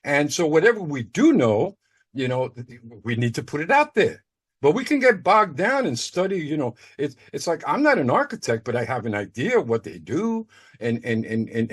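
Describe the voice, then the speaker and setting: A man in a group call discussion, rambling and restarting his words. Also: breathy edge. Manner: rambling, repeats words, lively pitch.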